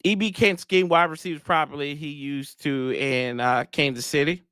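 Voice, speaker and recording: A sports podcast host rants in a rambling, exasperated way on a casual show, throwing slangy asides to his viewers. His voice sits on the high side, steady, clear, resonant and fairly bright, at a normal speed, in clean studio sound with no room sound.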